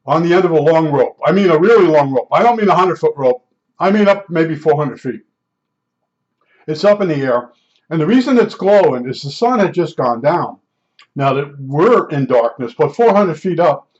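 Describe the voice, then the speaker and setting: A man telling a rambling personal story in a casual way, full of restarts and asides. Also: fairly high pitch. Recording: dull lo-fi recording.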